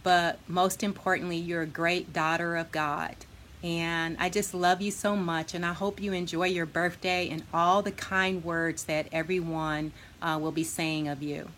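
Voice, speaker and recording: A woman speaking slowly and with a low voice as she heaps praise on a friend. Faint ambient noise sits behind her. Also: fairly even intonation. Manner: warm, gushing praise. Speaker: friend giving a birthday tribute. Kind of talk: heartfelt recorded message.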